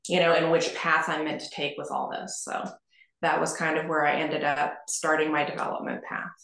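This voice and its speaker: A middle-aged woman, a guest on an interview, telling her story in a lively way, often laughing and acting out the people she quotes. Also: deep voice, moderate pace. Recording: roomy echo.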